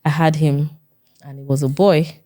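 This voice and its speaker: A woman's voice: low-pitched, flat delivery, moderate pace, warm tone. A woman with a Nigerian accent, a guest earnestly recounting a personal story in an interview and acting out the dialogue she quotes.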